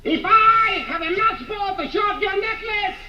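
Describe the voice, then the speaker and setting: An actor playing a vain, blustering villainous governor who speaks in a loud, excitable way, from a film soundtrack. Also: male voice, very high voice, moderate pace. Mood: exasperated. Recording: dull film audio with music.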